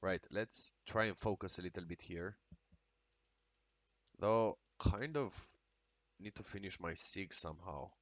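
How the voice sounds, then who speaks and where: A man streaming a video game, talking casually and excitably with lots of swearing and exclamations. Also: low-pitched, unhurried, pauses often, no echo. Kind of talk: casual live-stream commentary while playing.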